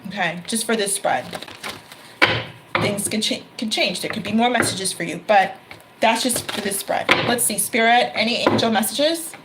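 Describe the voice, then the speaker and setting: A woman's voice: medium pitch, moderate pace, heavy background noise. A middle-aged woman giving a tarot reading to camera, emphatic and given to repeating her phrases and exclaiming. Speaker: tarot reader.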